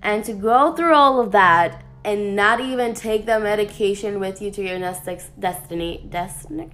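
A woman talking casually to her viewers in an anime review, chatty and animated, with playful asides. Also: medium pitch, normal speed, hardly any pauses, faint music behind.

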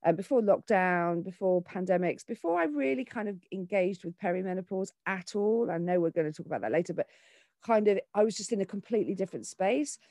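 A woman in her forties, an actor and children's author, talking in an animated way in a casual interview, often restarting her sentences. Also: medium pitch, a little fast, no echo. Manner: animated, with frequent restarts and fillers.

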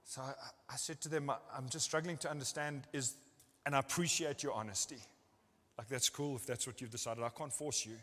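A man's voice: mid-range voice, steady tone, a little fast, sharp tone, in a large hall. A male pastor preaching a sermon at a church service, telling stories earnestly and acting out what people said.

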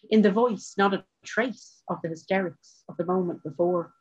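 A woman reading her short story aloud at a book launch, in a measured, wry manner, on a dull, muffled recording. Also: fairly low pitch, darkish tone, husky. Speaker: author reading.

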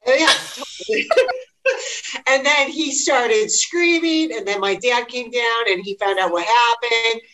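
A woman's voice: on the high side, unhurried, bright, forceful tone, low-quality recording. A woman guest telling childhood stories in a laid-back, chuckling way during casual chat. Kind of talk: casual chat over drinks.

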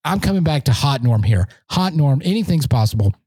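Guy, excitable podcast fan rant, slightly high voice but mellow tone, dry close sound. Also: a little fast, few pauses, slightly rough, no echo. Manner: excitable, boastful fan banter. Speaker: sports podcast host. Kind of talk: solo sports podcast rant. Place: indoor room, standing.

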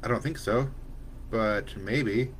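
A man voicing an eager little boy with superpowers who gets excited and whines when told no. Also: lowish voice, slow, a little hiss or hum.

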